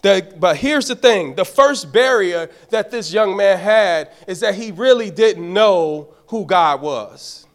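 A man's voice: sits high, lively intonation, slow pace, hardly any pauses. A middle-aged man, a deacon telling stories in a sermon and building to passionate peaks. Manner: bellows street-vendor calls in stories. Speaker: deacon preaching. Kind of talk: storytelling sermon.

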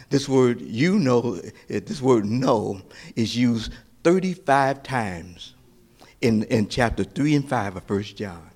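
A male pastor preaching a sermon, asking the congregation questions and answering them himself, rising to loud emphatic lines and dropping to near whispers. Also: mid-range voice.

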